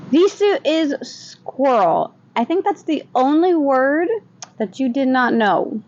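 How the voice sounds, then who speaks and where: Upbeat woman teacher, high voice, slightly dull lo-fi recording, clear patient explanations. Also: very animated, takes it slowly, darkish tone. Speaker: Japanese teacher. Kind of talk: recorded language lesson.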